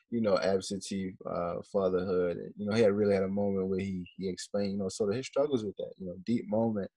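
A man's voice: on the low side, a little mellow. A man hosting a casual interview, asking loose questions and affirming his guest. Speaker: podcast host.

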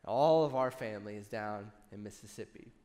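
Animated male preacher in a reverberant hall. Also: on the low side, normal speed. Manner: animated storytelling with audience asides. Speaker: worship pastor. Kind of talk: sermon.

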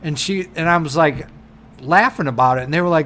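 Talking fast in a voice on the high side, a podcast co-host spins an animated story during casual chat, cursing nonstop and performing people's quotes. A faint hiss or hum sits in the background.

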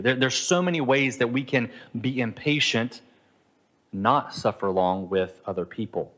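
In Southeast Asia, a middle-aged pastor preaches an earnest, conversational sermon in a lowish, fairly bright voice at normal speed. Now and then he acts out the inner voices of his listeners.

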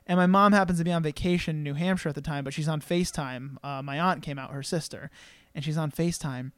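A man's voice: on the high side, quick pace, fairly bright tone, no room sound, clean studio sound. Earnest man telling a personal story. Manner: emotional, earnest, lots of fillers and restarts. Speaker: podcast host.

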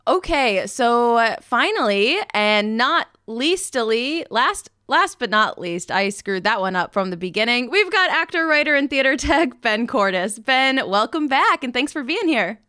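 A bubbly woman hosting a podcast, chatting casually and laughing easily. Her voice is smooth, clear and fairly high, and it is recorded dry and close with no room sound. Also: very animated, measured pace, few pauses, sharp tone, no echo. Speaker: podcast host. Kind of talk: casual chat.

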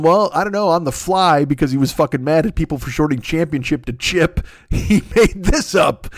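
Man, podcast host, swearing rant, slightly raised pitch, dry close sound. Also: darkish tone, no room sound. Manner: profane, ranting, mocking. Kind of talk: profane comedic rant.

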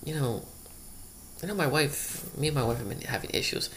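A man's voice: medium pitch, animated, moderate pace, background noise, natural voice. A man voicing a chatty male coworker who rambles on with gossip and complaints in an overfamiliar way. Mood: glum.

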